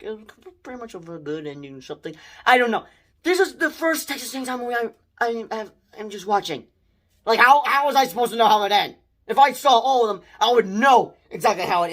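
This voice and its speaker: A young man gives a casual movie review full of spoilers, rambling excitably with many restarts and mild swearing. His voice sits high.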